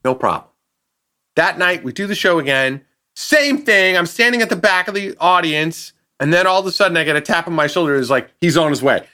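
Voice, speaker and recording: A man, a guest sound designer, telling an animated anecdote on a podcast and acting out the people he quotes. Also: sits high, fairly quick. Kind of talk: casual podcast storytelling.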